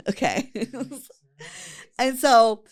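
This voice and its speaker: Very slow and a little high, this woman's voice swings widely in pitch. She's a chatty podcast host telling a long story stuffed with fillers and quoted friends.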